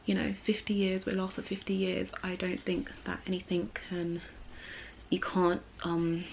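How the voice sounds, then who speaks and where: Gravelly-voiced young woman vlogging. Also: lowish voice, completely flat delivery, normal speed, darkish tone. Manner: chatty, candid, filler-heavy. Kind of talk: casual Q&A vlog. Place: outdoors at dusk. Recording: faint background noise.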